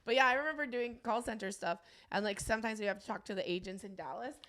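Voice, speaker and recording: A woman's voice: medium pitch, fast. A woman co-hosting a podcast, chatting casually, laughing and swearing as she tells work stories. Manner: laughs often, animated, swearing. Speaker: podcast co-host. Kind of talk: casual comedic chat.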